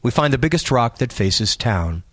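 A man's voice: mid-range voice, sing-song, normal speed, no room sound, clean studio sound. A man voicing a bold, boastful teenage boy in an audiobook story. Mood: cocky.

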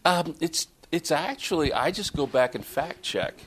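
A man's voice: a little high, expressive, unhurried, a bit bright, breathy edge. A man from Florida, an author telling anecdotes to an audience at a book talk, rambling with many fillers and restarts. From Florida, USA. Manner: rambling, self-interrupting, many fillers, chuckling. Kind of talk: casual live storytelling to an audience.

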